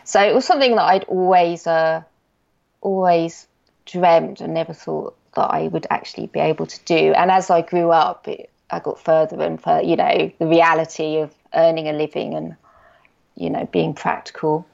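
A woman with a low, gravelly voice recounts stories in a relaxed interview and acts out the quoted back-and-forth. She laughs often. The recording sounds dull and lo-fi. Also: normal speed. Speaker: guest, designer and illustrator. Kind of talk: casual interview storytelling.

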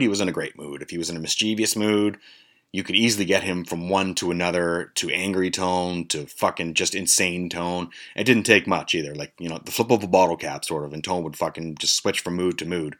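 A man with a very deep, low-pitched voice tells a story on his podcast. He rambles casually, swearing freely and filling pauses with ums and uhs. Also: a bit bright. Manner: profane, rambling, many fillers. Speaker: podcast host.

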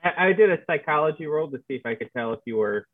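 A man's voice: on the high side, expressive, quick pace. A man playing a tabletop game, chatting casually with stammering restarts. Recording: tinny phone-like call line.

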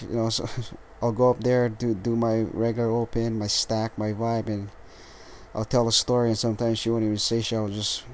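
A lethargic man talks through his solo podcast in a slightly low voice, tripping over his words and restarting often. He swears casually as he goes. A faint noise sits under the recording. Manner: rambling, halting, with frequent restarts and swearing. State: tired and lethargic. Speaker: podcast host.

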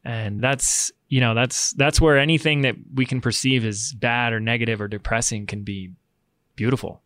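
A man's voice: medium pitch, fairly even intonation, moderate pace, a bit bright, dry recording. A man hosting a podcast interview, talking in a reflective, encouraging way with a guest. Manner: reflective, encouraging, short affirmations. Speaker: podcast host. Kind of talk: casual interview chat.

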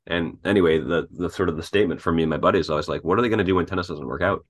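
A man with a very low voice co-hosts a coaching podcast. He talks bluntly and jokes around, dropping casual swear words as he chats. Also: rapid-fire. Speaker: tennis coach, podcast co-host. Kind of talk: casual chat.

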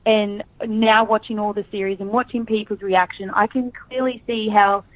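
An Australian woman talking frankly and chattily in a casual interview, quick to laugh. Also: medium pitch, fairly even intonation, dry recording. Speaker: reality show contestant, interview guest. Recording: dry, tinny phone line.

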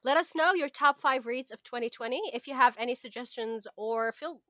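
A young woman co-hosting a casual book podcast, playful and quick to laugh. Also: a little high, bright, forceful tone, dry recording, clean studio sound. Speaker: podcast co-host.

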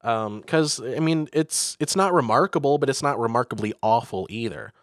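A young man co-hosting a casual movie-review podcast, halting and full of fillers, with a wry tone. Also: medium pitch, no echo, studio quality. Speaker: podcast co-host.

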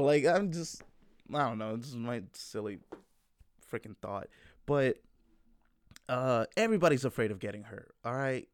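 A man's voice: medium pitch, no echo, studio quality. A man in his twenties talking casually to his viewers, rambling and frank, full of fillers and restarts. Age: 20s.

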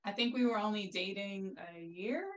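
A woman from Brooklyn tells stories as an interview guest. Her voice sits at a middle pitch for a woman, and she speaks in a lively, animated way, often breaking into laughter between phrases. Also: normal speed, lo-fi sound. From Brooklyn, New York. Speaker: guest, entrepreneur. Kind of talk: casual interview storytelling.

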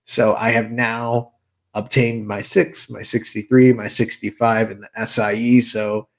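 A man's voice: medium pitch, little pitch movement, measured pace. A young man co-hosting a podcast in casual chat, rambling through stories, laughing often and swearing freely. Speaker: podcast co-host.

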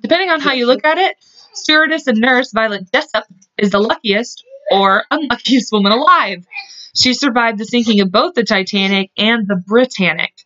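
A woman's voice: on the high side, normal speed, a bit bright, dry recording. A woman co-hosting a podcast in casual chat, reading history notes aloud in a chatty, blunt way with jokes and the odd swear. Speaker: podcast co-host. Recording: dull lo-fi recording.

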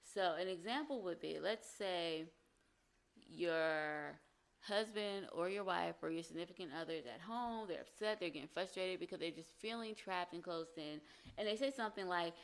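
A woman talks through relationship advice in a casual, earnest way. Her voice sits a little low for a woman, and she acts out the phrases people might say. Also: moderate pace. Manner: earnest, explains with acted-out example phrases.

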